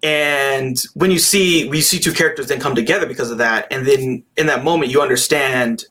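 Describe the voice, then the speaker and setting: Rambling, animated man reviewing a film. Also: mid-range voice, brisk. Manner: rambling, animated, swears casually. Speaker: podcast co-host. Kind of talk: casual movie review chat.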